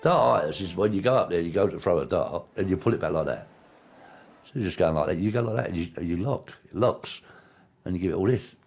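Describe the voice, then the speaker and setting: A man's voice: sits low, expressive, quick pace, creaky, darkish tone, husky, soft background music. A man recalling his darts career in a blunt, plain-spoken interview. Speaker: interviewee, former darts player. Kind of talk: casual reminiscing interview.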